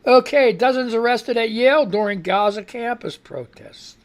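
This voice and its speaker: A man's voice: very high voice, normal speed. Rambling male radio host. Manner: rambling, reads headlines aloud and reacts with outbursts. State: fighting a cough. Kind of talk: casual live news commentary.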